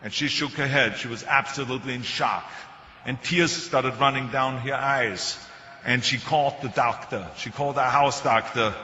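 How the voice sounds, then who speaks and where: Older man, german-accented english, bright forceful voice, joking storyteller, echoey hall, dull sound. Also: mid-range voice, steady tone, normal speed, slight background noise. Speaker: motivational speaker. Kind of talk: public speech.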